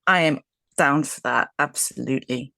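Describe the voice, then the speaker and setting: A woman's voice: a bass voice, moderate pace, gravelly, pushed and bright, no room sound, clean studio sound. A woman with a British accent, a podcast guest chatting playfully and giggling often. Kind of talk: casual chat.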